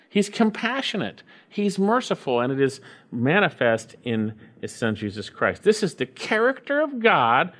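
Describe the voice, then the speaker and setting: A man's voice: medium pitch, a bit bright. A man preaching a sermon, reading scripture aloud and stressing key phrases by repeating them. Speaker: pastor.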